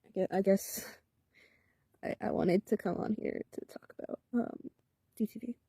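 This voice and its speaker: A woman's voice: mid-range voice, normal speed, mellow, slightly rough, lightly acted. A woman playing a young man vlogging in a rambling, hesitant way, with many ums. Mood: weary. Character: young vlogger who calls himself "your boy", a male figure. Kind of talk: vlog-style monologue. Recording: roomy echo from a distant mic.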